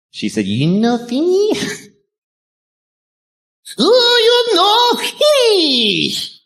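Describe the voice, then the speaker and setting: A man doing a stand-up comedy set, swearing freely, with deadpan asides and sudden high-pitched outbursts.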